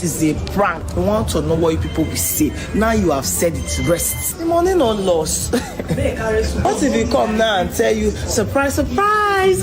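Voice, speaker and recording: Nigerian lady teasing everybody, voice jumping all over, music going behind. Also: medium pitch. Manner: teasing, giggly, sing-song, mixing Pidgin in. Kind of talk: laughing social media commentary.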